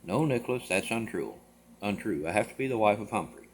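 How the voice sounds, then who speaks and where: A man reading a play aloud, voicing a shy, gentle young woman in a soft, quiet voice. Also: lowish voice, animated, a little fast, voice pushed down.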